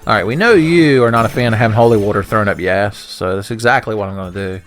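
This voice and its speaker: A man's voice: on the low side, fast, a bit bright, faint music behind. A man giving casual gameplay commentary, joking, swearing and laughing often. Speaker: let's play commentator.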